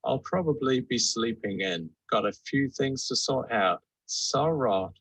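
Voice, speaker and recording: A man's voice: medium pitch, expressive, a little slow, a bit bright, breathy edge, dry recording, heavily acted, rough recording. A man's synthetic text-to-speech voice playing a friendly young male wizard chatbot with a British accent. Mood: relaxed, friendly.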